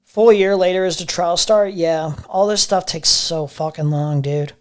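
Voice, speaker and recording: Sarcastic live-stream commentator, mid pitch. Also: steady tone, a little slow, clean tone. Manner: sarcastic, mocking asides, repeats phrases. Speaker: streamer reacting to a video.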